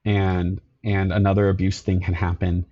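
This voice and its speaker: A middle-aged man, a podcast guest, telling his life story in an earnest, halting way, often repeating himself. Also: deep voice, little pitch movement, highs cut off. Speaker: podcast guest, security company owner.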